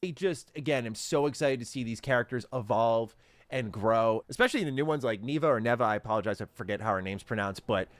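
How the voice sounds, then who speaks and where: A man's voice: mid-range voice, brisk, no echo. A man giving casual video commentary on a game trailer, enthusiastic and rambling, with many fillers. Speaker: gaming commentator.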